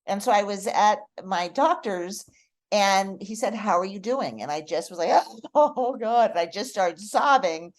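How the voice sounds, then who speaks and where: Expressive middle-aged woman telling stories. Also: mid-range voice, a little slow. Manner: expressive storyteller, heartfelt. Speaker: podcast guest. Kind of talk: casual podcast conversation.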